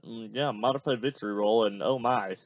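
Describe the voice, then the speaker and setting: A man in his usual mid-range voice gives offhand, relaxed running commentary as a podcast host. The recording sounds muffled and dry, as if the highs were dulled and there is no room echo. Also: a little fast. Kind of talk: casual live commentary while watching a match.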